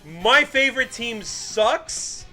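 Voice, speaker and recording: Excitable high-voiced male sports streamer. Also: takes it slowly, soft background music. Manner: self-mocking, excitable, rants at the game. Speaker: streamer doing game commentary. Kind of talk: live-stream fan commentary.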